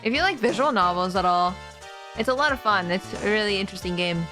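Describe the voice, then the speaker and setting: A woman's voice: medium pitch, lively intonation, fast talker, sharp tone, faint music behind. A woman streamer giving casual, giggly let's-play commentary and reacting aloud to a game.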